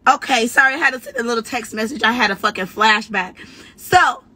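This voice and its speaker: A woman battle rapper in a brash, profane, trash-talking rant, talking casually and quickly. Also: a little high, pushed and bright, husky. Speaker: battle rapper giving commentary.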